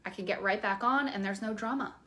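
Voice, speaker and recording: A woman's voice: mid-range voice, brisk, sharp tone. A woman coaching on keto diets, talking in a frank, passionate, casual way and swearing now and then. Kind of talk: casual presentation.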